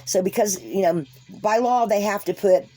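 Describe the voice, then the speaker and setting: A woman's voice: mid-range voice, normal speed, mellow. A woman vlogger casually telling a story to her viewers, folksy and rambling, with frequent restarts and asides.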